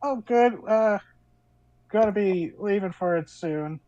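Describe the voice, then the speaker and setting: A woman's voice: medium pitch, takes it slowly, mellow, no echo, muffled recording, voice pushed up, natural voice. A man voicing a teenage girl who is hesitant and teasing on the phone with her father. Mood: chirpy.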